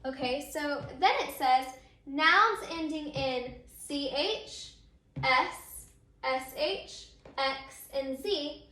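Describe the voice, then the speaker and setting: A woman's voice: high-pitched, drawn-out words, pushed and bright. A woman teacher explaining grammar step by step, repeating her points with frequent ums. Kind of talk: recorded grammar lesson. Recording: echoey room.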